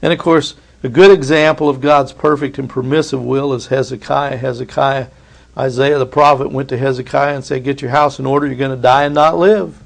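A man's voice: mid-range voice, fairly even intonation, brisk, creaky. A man preaching a sermon, reading scripture and acting out the voices of biblical figures.

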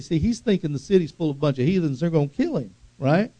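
A middle-aged male pastor preaching an animated sermon, swinging from loud calls to hushed asides. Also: fairly high pitch, fast talker, few pauses, no echo. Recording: dull lo-fi sound.

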